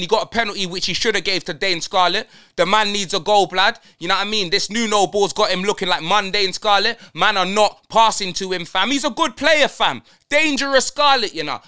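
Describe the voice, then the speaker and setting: A man's voice: high voice, smooth. A young man with a London accent, ranting casually about his football team in heavy slang. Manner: animated slang-heavy rant, constant fillers. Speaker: football fan vlogger. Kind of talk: casual fan reaction rant.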